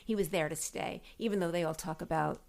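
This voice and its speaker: A woman's voice: on the low side, fast talker, creaky, darkish tone. A woman, the host's mother, talking casually as a podcast guest and telling stories from a night out. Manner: conversational, storytelling. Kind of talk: casual chat.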